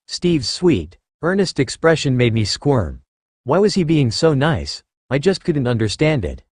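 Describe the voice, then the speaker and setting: A man narrating a first-person fan fiction story in an expressive reading style. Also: mid-range voice, measured pace, breathy edge, no echo, studio quality.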